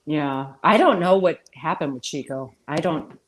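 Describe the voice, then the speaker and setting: A woman's voice: low voice, expressive, a little slow. A woman who works in radio, a podcast guest telling self-deprecating stories in casual chat and laughing often.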